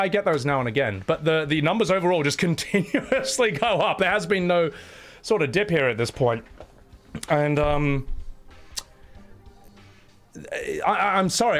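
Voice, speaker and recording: Scottish guy streaming, swears a lot, voice jumps all over, some quiet music behind. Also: fairly high pitch. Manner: blunt and sweary, thanks viewers between rants. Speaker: livestreamer. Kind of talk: casual live-stream chat.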